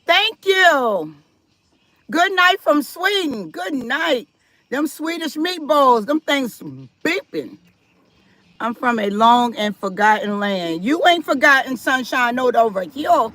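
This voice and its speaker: A woman's voice: sits high, expressive, slow, a bit bright. A woman hosting a live stream, chatting casually with viewers and reading their comments aloud, firm about respect in her chat. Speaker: livestream host.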